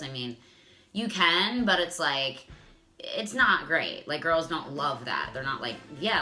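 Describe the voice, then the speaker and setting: A woman in her thirties telling a dating story to her viewers in a chatty, profane way, full of "like.". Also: rumbling low. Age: 30s. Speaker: vlogger. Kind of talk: casual storytelling to camera.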